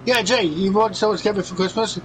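A man's voice: high-pitched, fairly even intonation, quick pace, slight background noise, poor audio. A man chatting while gaming with friends, jokey and chatty, swearing freely. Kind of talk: casual gaming chat.

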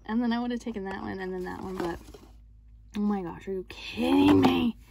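A young woman in a casual haul vlog, chatting and gushing excitedly as she shows what she bought. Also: mid-range voice, quick pace. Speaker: vlogger showing her purchases. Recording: clear background noise.

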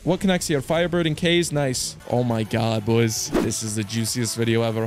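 A man hosting his own channel, commenting excitedly to viewers with slang, swearing and loud outbursts. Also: mid-range voice, fast, few pauses, faint music behind. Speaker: slots streamer host.

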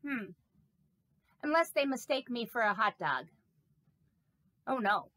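A woman's voice: on the high side, very animated, takes it slowly, sharp tone, no room sound, pitched below the performer's own voice, full character voice. A woman voicing a vain, chatty, silly snake puppet in a children's sermon, talking playfully with rambling asides. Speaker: pastor.

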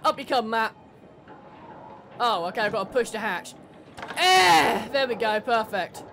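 A woman's voice: a little high, lively intonation, measured pace, a bit bright, soft background music. A woman commentating her horror game playthrough, sarcastic, swearing and laughing at the characters. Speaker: gamer. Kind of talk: let's play commentary.

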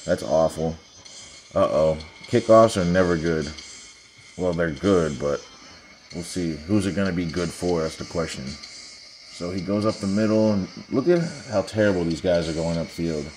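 A young man casually breaking down football highlights for viewers, analytical and sarcastic, talking straight to the audience. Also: measured pace, darkish tone, faint music behind. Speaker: football video commentator.

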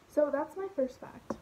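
A woman's voice: high voice, heavy background noise. A teenage girl rambling through a parody vlog in her bedroom, full of fillers and drifting into whispers. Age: teens. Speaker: vlogger.

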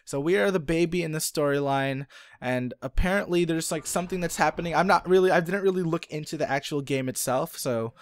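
A man playing a horror video game and commenting, excitable and quick to freak out. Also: fairly high pitch. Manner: excitable, easily startled, chatty. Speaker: gaming youtuber. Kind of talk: let's play commentary.

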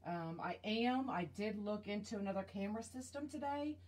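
A woman with a mid-range, darkish voice and lively intonation talks at normal speed while making a wreath live. It's a casual craft demo recorded on a tablet, with chatting to viewers and filler-laden thinking aloud.

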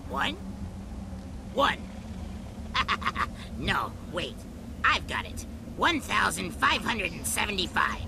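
A squeaky ratlike game critter. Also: female voice, big pitch swings, slow pace, vocal fry, pauses often, background noise, full character voice. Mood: dim-witted. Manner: whiny, swings wildly in pitch. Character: small sly ratlike creature, cowardly then scheming. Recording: game audio over music.

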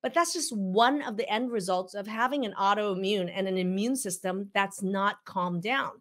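A woman doctor talks straight to her viewers in a casual health explainer. She is blunt and emphatic, leaning on a questioning "okay?" to keep them with her. Her asides are teasing and a little salty, and her voice sits at an ordinary middle pitch. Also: normal speed. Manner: mildly profane, teasing asides. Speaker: doctor and health video host.

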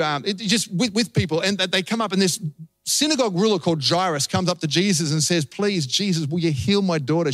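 High-voiced Australian pastor preaching. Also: male voice, dry recording. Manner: animated storytelling, acting out voices. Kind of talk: sermon.

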